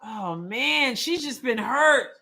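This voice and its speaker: A woman speaks slowly in an expressive, pushed and bright voice on the high side. Reacting live to a basketball game at a watch party she hosts, she exclaims emotionally and voices indignation about calls.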